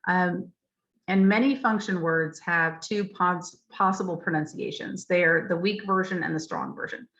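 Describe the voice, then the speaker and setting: A woman leading a teacher training session over a video call, explaining clearly with frequent ums and saying example phrases aloud. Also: lowish voice, normal speed, fairly bright tone. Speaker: literacy trainer. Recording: dull lo-fi video call audio.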